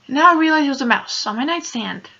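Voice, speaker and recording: A woman's voice: high-pitched, animated, fast, pushed and bright, muffled recording. A young woman telling a story in a casual vlog, emotional and close to tears, rambling with many fillers. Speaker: vlogger.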